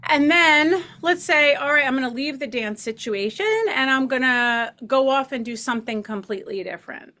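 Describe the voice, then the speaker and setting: A woman's voice: high voice, moderate pace, few pauses, bright, forceful tone. A woman on a podcast explaining her views in a reflective, step-by-step way. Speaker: podcast co-host. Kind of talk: casual chat.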